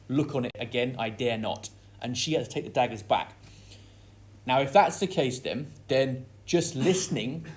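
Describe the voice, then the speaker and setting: Guy breaking down a play scene for students, reads the quotes with some drama then explains. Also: mid-range voice. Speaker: English literature teacher. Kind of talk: exam analysis lesson.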